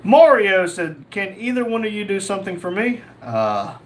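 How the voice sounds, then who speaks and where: A man's voice: high-pitched, very animated, moderate pace. A young man hosting a casual livestream, reading chat messages aloud and joking.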